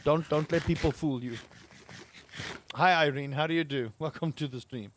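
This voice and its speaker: Chatty South African man, slightly high. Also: normal speed, a little hiss or hum. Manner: chatty, ranting, playful exaggeration. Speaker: live streamer. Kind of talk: casual live game-stream chat.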